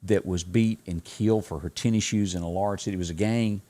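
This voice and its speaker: A man hosting a casual news show, folksy and halting with many fillers. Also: low-pitched, fairly even intonation, warm tone. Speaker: host.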